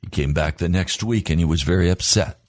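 Male pastor, sermon, low voice, earnest and emphatic, dry close sound. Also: fairly quick, no echo. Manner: earnest, emphatic, repetitive preaching cadence.

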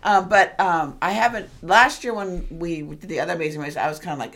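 A woman in her sixties talks casually on a podcast, her voice sitting notably low for a woman. She rambles, restarts, and laughs easily as she chats with her co-host. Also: fairly quick, few pauses, a bit bright. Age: 60s. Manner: rambling, chatty, laughs often. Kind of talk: casual chat.

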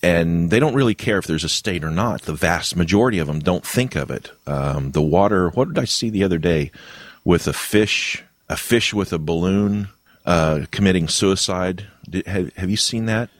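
A man with a very low voice hosts a relaxed podcast chat, easygoing and a little halting, laughing often. The sound is dry, with no room echo at all. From Ohio. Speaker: podcast host. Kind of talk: casual podcast conversation.

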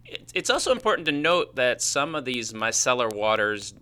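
A man's voice: mid-range voice, very animated, normal speed, pushed and bright, smooth. A man with a Chicago accent, co-hosting a podcast and explaining cosmetic chemistry in a casual, easygoing way. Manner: explanatory, laughs easily. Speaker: podcast co-host. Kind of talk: casual science chat.

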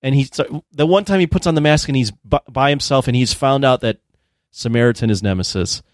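A man's voice: mid-range voice, fairly quick, dry recording. Dry-sounding man reviewing a movie. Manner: animated, incredulous, acts out scenes. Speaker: podcast co-host. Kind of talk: casual movie review chat.

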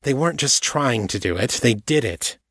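A man's voice: medium pitch, animated, moderate pace, fairly bright tone, no room sound, studio quality, voice pushed up. A man voicing a frustrated female magic investigator in an audiobook, sour and clipped. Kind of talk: audiobook character voice.

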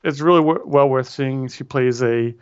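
A man's voice: mid-range voice, normal speed, smooth, no echo. A man co-hosting a casual podcast chat, rambling and correcting himself with wry asides. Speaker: podcast co-host. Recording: dull lo-fi audio.

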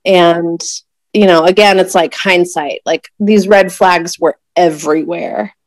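A woman in her thirties telling a personal story in conversation, emotional and searching, with many pauses and fillers. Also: on the low side, fairly even intonation, dry recording. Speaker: guest telling a birth story.

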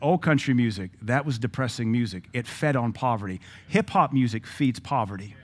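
A man's voice: medium pitch, lively intonation, moderate pace, slightly rough. A middle-aged man, preaching a sermon as pastor, telling stories with acted-out quotes and blunt asides.

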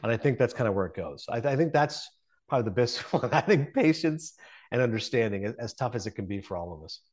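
A man's voice: medium pitch, lively intonation, quick pace, a little mellow. Male guest, 40s, broadcaster type, candid and reflective. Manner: earnest, reflective, many restarts. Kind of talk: conversational interview.

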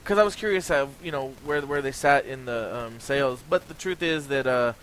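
This podcast host has a mid-range, fairly bright voice and speaks at a normal speed, stumbling through sales figures with plenty of ums and restarts on his casual gaming show. Talking has left him a little hoarse, and the rough audio has faint hiss.

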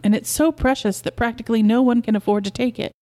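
A woman voicing an excitable, proud middle-aged beekeeper husband who coaxes and insists, in a storybook reading. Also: fairly high pitch, quick pace, pitched above the performer's own voice, close to an everyday voice. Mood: excited.

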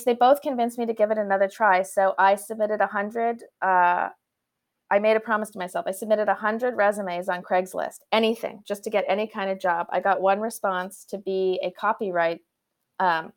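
A woman from Canada speaks as a guest author on a conversational show. Her pitch sits in the middle range for a woman. She tells her story in animated bursts and often restarts her sentences. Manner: animated, tumbling retellings with frequent restarts.

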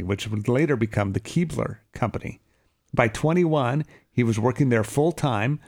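A man's voice: mid-range voice, vocal fry, a little mellow. A man co-hosting a morning radio show, chatting casually and reading news items in a conversational way. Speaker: radio host.

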